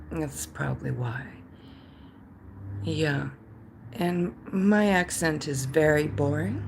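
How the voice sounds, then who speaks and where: A woman's voice: sits low, vocal fry, slight background noise. A Canadian woman streaming live, chatting with her viewers in a rambling, filler-heavy way and reacting to chat comments. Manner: reads out chat comments and replies. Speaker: livestream host.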